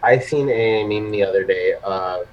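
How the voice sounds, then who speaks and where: A man's voice: lowish voice, measured pace. A man hosting a live show in casual chat, telling funny stories full of laughs and constant swearing. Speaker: host of a live vaping show. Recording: muffled lo-fi audio.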